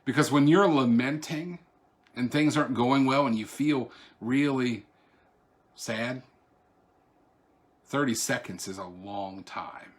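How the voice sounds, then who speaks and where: A man's voice: mid-range voice, slow, long pauses. Man leading a casual online Bible study. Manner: conversational, with asides and repeated restarts; reads scripture aloud in a raised, declaiming voice. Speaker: pastor.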